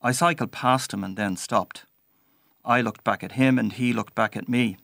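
A man narrating a personal story in a measured, storytelling way. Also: mid-range voice, vocal fry, fairly bright tone, no echo, clean studio sound.

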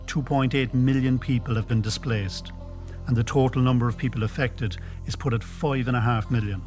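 A man presenting a radio documentary in calm, measured scripted narration. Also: mid-range voice.

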